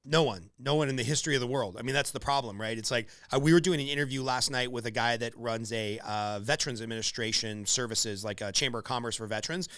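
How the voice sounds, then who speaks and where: A man's voice: medium pitch, fast, few pauses, a bit bright, no room sound. Casual man hosting a podcast, dry sound. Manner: casual, empathetic, conversational, swears lightly. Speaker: podcast host. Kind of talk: interview conversation.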